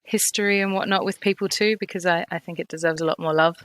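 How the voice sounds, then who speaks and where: A woman from the UK talks as a podcast guest, eager and a little rambling. Her voice sits slightly low for a woman. The sound is dry and close. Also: steady tone, quick pace, a bit bright, no room sound. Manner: enthusiastic, rambling. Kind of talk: casual chat.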